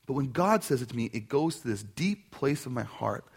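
A man preaching a sermon as a pastor, telling a personal story in an animated way and acting out the voices he quotes. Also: medium pitch, normal speed, gravelly, breathy edge.

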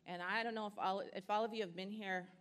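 A woman's voice: mid-range voice, steady tone, a bit bright. Earnest woman giving an emotional testimony. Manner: emotional, earnest, halting with many fillers. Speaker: conference speaker. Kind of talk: testimony and teaching at a church conference.

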